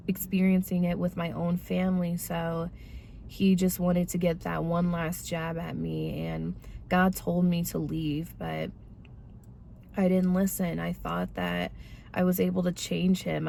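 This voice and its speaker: A woman's voice: on the low side, steady tone, measured pace, gravelly, a little mellow, a little hiss or hum. A young woman speaking candidly and conversationally to her viewers as she tells her own testimony in a casual vlog. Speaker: vlogger sharing a personal testimony.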